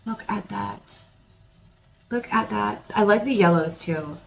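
Young woman, casual unboxing chat, excitable, second-guessing herself, mid-pitched voice. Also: takes it slowly, gravelly, rough recording. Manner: chatty, excited, hesitant, with many restarts and laughs. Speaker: plant channel host.

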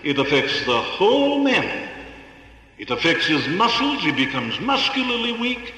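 A man's voice: fairly high pitch, very animated, measured pace, sharp tone. A man preaching a sermon in an earnest, rhetorical way, piling up emphatic repetitions. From Wales. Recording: echoey hall with long reverb.

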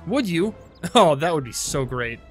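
A man's voice: on the high side, sing-song, a little slow, soft background music. A man voicing a fretful, anxious man who is fussing over his missing cat while reading a game's dialogue aloud. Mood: worried. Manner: anxious, fussing, lifted delivery.

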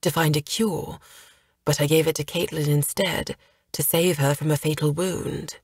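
A woman voicing an earnest, self-doubting young man who speaks haltingly, in a storybook reading. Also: low-pitched, steady tone, slight background noise. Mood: troubled. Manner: hesitant, halting.

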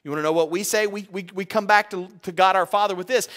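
A man preaching a sermon as pastor of a church, emphatic, swinging between ringing emphasis and hushed, low confession. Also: quick pace, few pauses.

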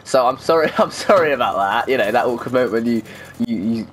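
Excitable crude gamer man. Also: medium pitch, brisk, slight background noise. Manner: excitable, crude, rambling, shouts at the game. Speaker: gaming YouTuber. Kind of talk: live gameplay commentary.

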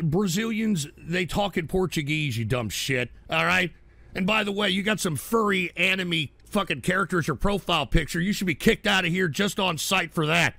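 A middle-aged man hosting a live show, ranting profanely and shouting at his chatters. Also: high voice, gravelly, no room sound. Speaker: livestream host.

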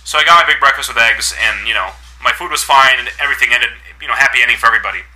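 A man's voice: mid-range voice, rapid-fire, bright, forceful tone. A man telling a personal customer-service story in a casual, irritated vlog rant, sarcastic and swearing often.

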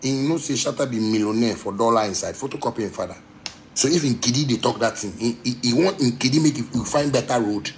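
A Ghanaian man ranting on a casual livestream, animated, with sharp swings from low mutters to loud outbursts. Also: quick pace, a little hiss or hum. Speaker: musician on a livestream.

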